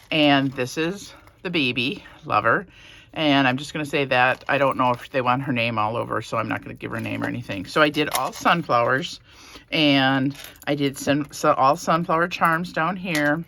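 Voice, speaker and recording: A woman vlogger casually showing a handmade journal, soft-spoken and a little emotional, rambling with fillers. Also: sits low. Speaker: crafting vlogger. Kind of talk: casual show-and-tell.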